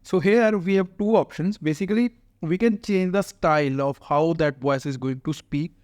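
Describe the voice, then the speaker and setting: A man hosting a casual software walkthrough, chatty and explaining step by step with many "uh" fillers. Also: a little high, normal speed, no echo, studio quality. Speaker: tech tutorial host.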